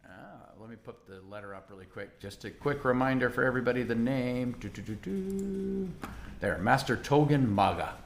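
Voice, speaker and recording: A man narrating as game master of a tabletop game, animated and chatty, often laughing. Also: mid-range voice, fairly quick, hardly any pauses, a little hiss or hum.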